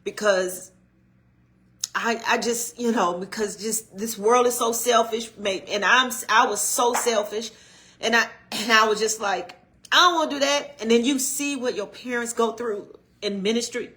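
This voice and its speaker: A middle-aged woman talks casually on a livestream. Her voice is bright and forceful, and she greets viewers by name. She slips into an encouraging, preacherly tone, like a minister talking to her community. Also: fairly high pitch, steady tone, unhurried. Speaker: channel co-host and minister.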